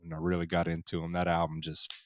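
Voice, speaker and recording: A man's voice: low-pitched, monotone, fast, dry recording, clean studio sound. A man chatting as a podcast guest, hesitant and thinking aloud with fillers. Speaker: guest musician. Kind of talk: casual chat. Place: podcast studio.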